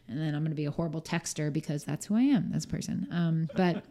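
A woman's voice: low voice, fast talker, dark tone. A woman talking as a podcast guest in a casual interview, chatty and full of "like", often acting out what other people say. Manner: chatty, full of "like", acts out quoted speech.

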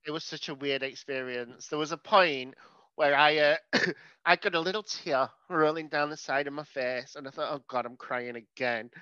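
A co-host telling a story in a lively, casual way and acting out their own reactions. The voice is bright and sharp. The recording is dry and a little dull. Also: mid-range voice, no room sound. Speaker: podcast co-host. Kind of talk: casual chat.

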